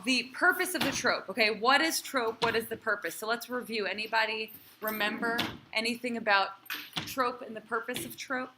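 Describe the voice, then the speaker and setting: A woman's voice: on the high side, noisy background. A female cantor teaching a class, quizzing and encouraging her students in a chatty way.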